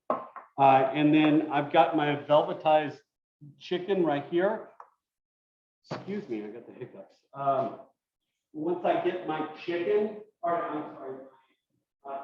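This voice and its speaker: A man's voice: fairly high pitch, a little hiss or hum. A man teaching an online cooking class from his kitchen, explaining loosely with lots of fillers. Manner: relaxed, thinking aloud with many fillers. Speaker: cooking instructor. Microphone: video call. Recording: roomy lo-fi video call audio.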